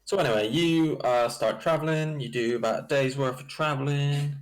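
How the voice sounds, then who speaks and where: A man, narrating a tabletop game as dungeon master in an easygoing, halting way with many fillers. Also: medium pitch.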